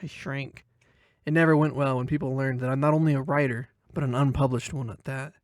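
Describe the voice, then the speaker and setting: A man narrating a first-person horror short story in a measured, dramatic way, softening his voice for inner thoughts. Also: medium pitch, steady tone, no echo, clean studio sound.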